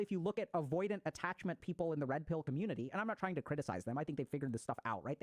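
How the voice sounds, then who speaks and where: Guy explaining attachment stuff really quick, dry close sound. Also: a little high, a little mellow, no room sound. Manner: quick, explaining and acting out examples. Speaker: mental health speaker. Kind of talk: recorded talk on attachment styles.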